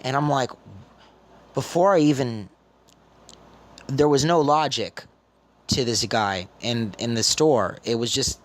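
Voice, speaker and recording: Thirty-year-old male vlogger, mid pitch, loose rambling storyteller. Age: 30s. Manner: rambling, repetitive retelling. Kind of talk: casual storytelling to camera.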